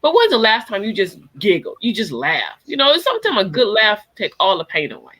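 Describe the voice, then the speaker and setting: A woman's voice: mid-range voice, wildly swooping pitch, a little fast, a bit bright, breathy edge. An older woman co-hosting a casual online talk show, joking and reading viewer comments aloud. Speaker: podcast co-host. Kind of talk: casual chat.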